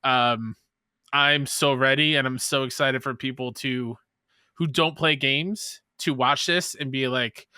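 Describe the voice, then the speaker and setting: A young man co-hosting a casual podcast, gushing with excitement in quick bursts. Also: medium pitch, smooth, dry recording, studio quality. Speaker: podcast co-host.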